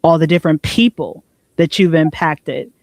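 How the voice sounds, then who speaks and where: A woman's voice: sits low, moderate pace, darkish tone, dry recording. A woman co-hosting a podcast, talking in an earnest, reflective way and often checking in with "right?". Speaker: podcast co-host. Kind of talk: reflective motivational conversation.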